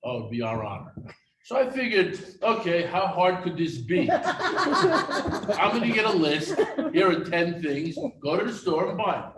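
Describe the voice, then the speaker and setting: Speaking unhurriedly in a high, sing-song voice, a middle-aged man offers humorous anecdotes as part of a memorial speech. He is the eulogy speaker at a gathering held in a synagogue hall. The audio is distant and echoey, carrying a faint background noise.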